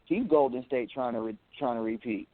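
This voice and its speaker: A man's voice: mid-range voice, fairly quick, no room sound. Boastful man over tinny phone-like sound. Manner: boastful, animated storytelling, repeats words. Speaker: interview guest, rapper. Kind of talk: casual interview talk.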